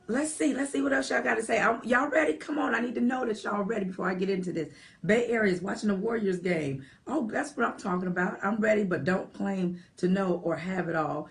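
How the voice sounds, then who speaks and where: A woman hosting a late-night livestream from home, chatting softly and reading viewer comments aloud. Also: mid-range voice. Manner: chatty, talks to viewers as y'all, soft half-whispered. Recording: faint music behind the voice. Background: old-school music playing.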